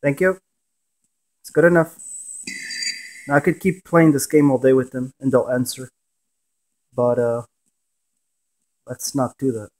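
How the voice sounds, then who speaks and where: A paranormal investigator, a man, asks short questions on camera during a spirit box session and repeats back the answers he thinks he hears, often speaking low. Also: fairly even intonation, measured pace, long pauses, a little mellow.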